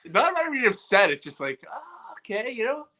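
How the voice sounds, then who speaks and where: A man's voice: extremely high pitch, fast talker, over a noisy crowd. A man co-hosting a comedy podcast, rambling and laughing as he talks. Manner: animated, rambling, laughs often. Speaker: podcast co-host. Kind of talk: casual comedy podcast chat.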